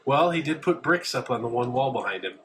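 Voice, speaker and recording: A man's voice: mid-range voice, expressive, fairly quick, fairly bright tone, slight background noise. A man co-hosting a casual sports podcast, teasing his co-host with dry wisecracks.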